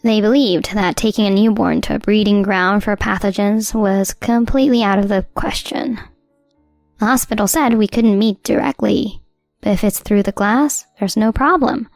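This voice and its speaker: A woman tells a scripted first-person story in an even, measured voice. The recording is dry and close. Soft music runs underneath. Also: medium pitch, dry recording. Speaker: narrator.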